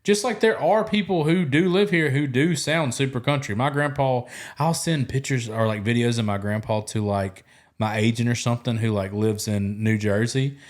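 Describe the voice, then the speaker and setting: A man hosting a podcast, telling animated stories in casual chat and mimicking other people's voices. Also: medium pitch, normal speed. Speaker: podcast host.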